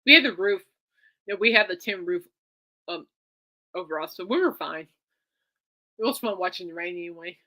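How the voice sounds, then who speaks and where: A woman hosting her own podcast, rambling excitedly in a casual monologue full of fillers and restarts. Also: on the low side, moderate pace, pauses often. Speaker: podcast host.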